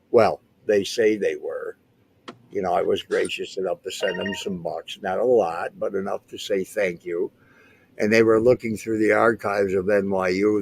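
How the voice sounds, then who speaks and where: A man's voice: lowish voice, a little hiss or hum. A man in his seventies telling stories in a rambling way in a casual chat, often restarting his sentences. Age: 70s. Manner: rambling storyteller with frequent restarts. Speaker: guest recounting past events.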